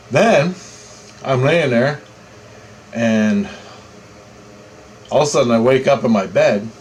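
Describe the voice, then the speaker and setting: Man, mid-pitched voice, loose rambling storyteller, swears a lot. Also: slight background noise, low-quality recording. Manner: rambling, repetitive, profane. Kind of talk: casual first-person storytelling.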